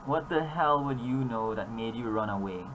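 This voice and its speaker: A man's voice: mid-range voice, lively intonation, moderate pace, noisy background, natural voice. Man voicing a sarcastic tree-husk creature. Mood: taunting. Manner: sarcastic, mocking. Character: sarcastic tree-possessing male creature, creepy and taunting.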